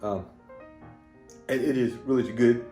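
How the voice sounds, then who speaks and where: A plain-talking man with a Southern accent hosts his own home cooking video, rambling folksily as he mixes ingredients. His voice sits in an ordinary middle pitch. The kitchen sounds echoey, with faint music playing underneath. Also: steady tone, unhurried, dark tone. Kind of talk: casual cooking demonstration.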